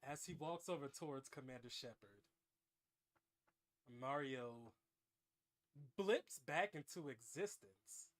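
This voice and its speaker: A man hosting a show, improvising a comic story with dramatic narration and an animated delivery. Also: mid-range voice, slow pace, long pauses. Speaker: host.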